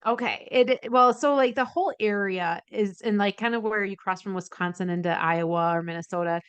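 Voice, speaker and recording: An energetic woman in her forties telling stories as a podcast guest, full of fillers and quick asides. Her voice is smooth and clear at a middle pitch. The recording is dry and close. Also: no room sound. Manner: energetic storyteller, many fillers. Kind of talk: casual interview chat.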